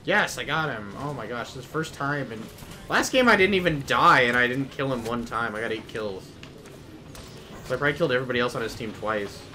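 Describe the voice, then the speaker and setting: A man's voice: medium pitch, a little fast, pushed and bright, soft background music. A man streaming a video game, chatting casually and rambling off-topic, often trailing off mid-sentence. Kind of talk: casual gameplay commentary.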